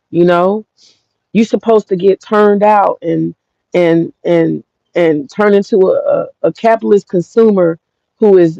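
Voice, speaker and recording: A woman's voice: fairly low pitch, vocal fry, dark tone, dry recording, lo-fi sound. An American woman with an African American English accent, telling a personal story in a frank, profane, rambling vlog. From United States. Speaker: vlogger.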